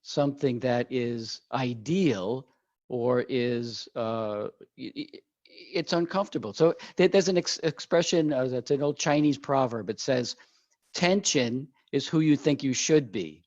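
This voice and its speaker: A man's voice: mid-range voice, unhurried, no room sound. A man, an executive coach and author, telling a story in an interview and acting out the dialogue with animation. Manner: animated, acts out quoted dialogue. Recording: dull lo-fi audio.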